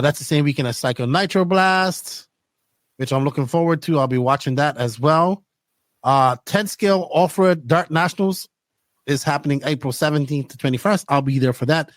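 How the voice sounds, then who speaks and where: A man hosting a podcast in casual, rambling talk, often excited. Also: fairly high pitch, no echo. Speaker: podcast host.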